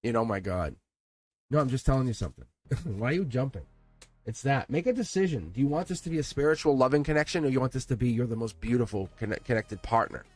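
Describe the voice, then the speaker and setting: A man giving a live tarot reading in a chatty, animated way, often laughing and dropping to a low murmur. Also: quick pace, slightly rough, soft background music. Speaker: tarot reader.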